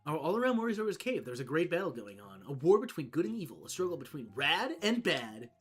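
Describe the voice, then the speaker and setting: A streamer voicing a laid-back surfer-dude mushroom king with slangy, excitable speech, reading video game dialogue aloud. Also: mid-range voice, quick pace, husky, soft background music. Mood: stoked.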